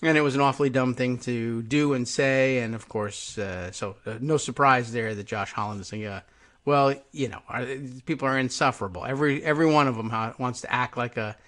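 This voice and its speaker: A man's voice: mid-range voice, a little fast, a bit bright. A man hosting a live political talk radio show, musing sarcastically in a rambling, hesitant way. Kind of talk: casual political talk monologue.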